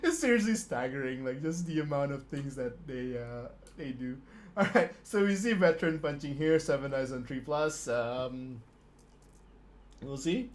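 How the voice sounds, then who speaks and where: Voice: medium pitch, lively intonation, normal speed. A stream host commentating a tabletop wargame live, laughing constantly and swearing in disbelief at the dice rolls.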